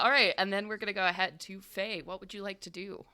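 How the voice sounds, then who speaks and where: A woman's voice: mid-range voice, fairly even intonation, fast talker, sharp tone, smooth. A woman narrating and explaining rules as game master of a tabletop horror game, in a chatty, explanatory way with many fillers.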